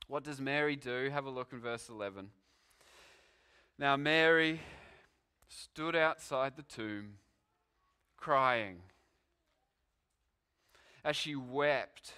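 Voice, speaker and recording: A man preaches a sermon whose delivery swings between loud, emphatic declarations and hushed, slow pauses. His mid-range voice is clear and resonant.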